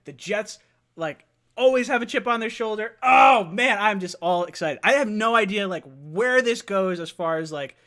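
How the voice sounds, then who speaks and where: A young man hosting a live-stream call-in fan show, excited, laughing and often shouting. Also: high voice, moderate pace.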